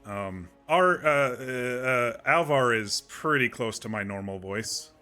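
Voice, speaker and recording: A man's voice: medium pitch, lively intonation, slow pace, sharp tone, faint music behind. A man streaming a game, chatting casually to viewers in a soothing, rambling way with many restarts.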